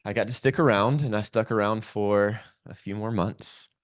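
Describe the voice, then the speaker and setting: A man, a podcast guest, telling a painful personal story in a reflective, halting way with many pauses. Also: on the low side, steady tone, dry recording, clean studio sound.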